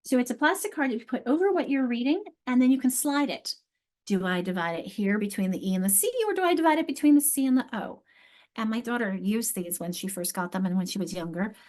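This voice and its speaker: A woman's voice: a little high, expressive, fast talker, darkish tone. A middle-aged woman giving a teacher training presentation, explaining literacy steps aloud and often correcting herself. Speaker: literacy instructor.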